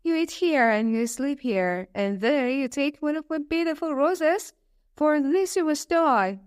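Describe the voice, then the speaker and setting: A woman's voice: high voice, animated, unhurried, voice pushed up. A woman voicing a huge, angry male beast in a storybook, stern and scolding.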